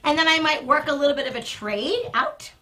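A woman dog trainer demonstrating toy play on a live stream, chatty and animated, breaking into excited praise for the dog. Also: high voice, fairly quick, a little hiss or hum, rough recording.

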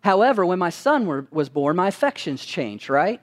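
A man's voice: sits high, big pitch swings, moderate pace. A man preaching a sermon as pastor, asking his listeners rhetorical questions and answering them with emphasis.

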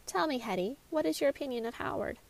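A chirpy, probing grandmother sleuth from a storybook mystery, as a woman reads her part. Her voice sits a little high with a gravelly edge, and she questions people in brisk bursts. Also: expressive. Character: warm, cheerful grandmother amateur sleuth.

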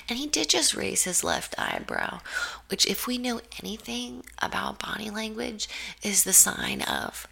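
A woman's voice: on the high side, wildly swooping pitch, normal speed, gravelly, pushed and bright, husky. A woman giving casual reaction commentary while watching a show, sarcastic and profane, with rambling asides.

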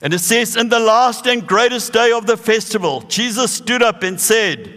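A man in his sixties with a South African accent, preaching a sermon with animated, emphatic bursts. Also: high voice, moderate pace, creaky, in a large hall. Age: 60s.

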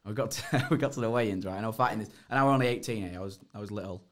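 A man's voice: on the low side, rapid-fire, fairly bright tone. A young man, a podcast guest who tells his fight stories in rambling casual chat, laughing and swearing often.

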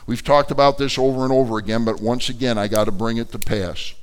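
A man preaching a sermon, swinging between loud outbursts and quiet, low passages and acting out the voices he quotes. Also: fairly even intonation, quick pace, clear, resonant tone.

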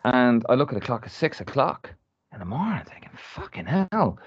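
A man's voice: mid-range voice, sing-song, fairly quick, no echo. A man from Ireland telling a rambling, laugh-filled anecdote in casual podcast chat, swearing freely. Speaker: podcast co-host. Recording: muffled dry recording.

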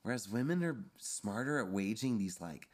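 A man's voice: on the low side, animated, moderate pace. A man chatting casually as a podcast guest, peppering his talk with "like". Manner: chatty, fills speech with "like". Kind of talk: casual chat.

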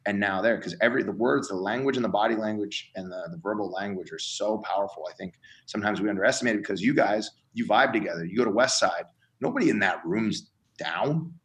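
A man's voice: on the low side, quick pace, fairly bright tone, poor audio. A man, a college strength coach, explaining his ideas in a casual podcast conversation, earnest and acting out examples as he goes.

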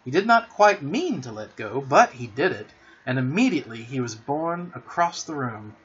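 A man reading a children's storybook aloud as a podcast host, expressive and gentle. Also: medium pitch, normal speed, breathy edge, dull audio.

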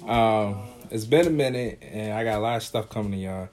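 A man's voice: fairly low pitch, a little fast, darkish tone. A man hosting a casual podcast with friends, joking and laughing often. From Baltimore. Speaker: podcast host. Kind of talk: casual chat. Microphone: home recording mic.

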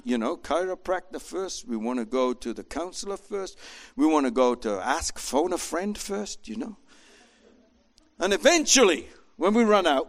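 A man preaching a sermon with an animated manner, acting out voices as he tells the story. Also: a little high. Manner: animated, acts out voices in quotes.

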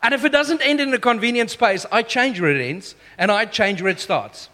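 A man preaching a sermon as pastor, emphatic, slowing down for key phrases, with self-deprecating asides. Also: very high-pitched, expressive, sharp tone, long reverb tail.

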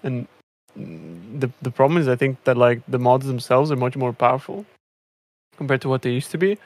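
A man's voice: mid-range voice, expressive, normal speed, no room sound. Rambling man in casual gaming chat. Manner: rambling, many fillers and restarts.

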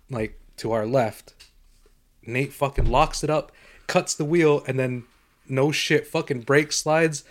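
A man co-hosting a casual podcast, telling a long story to friends with lots of swearing and laughing. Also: on the high side. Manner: profane, animated, laughing through his own story. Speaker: podcast co-host.

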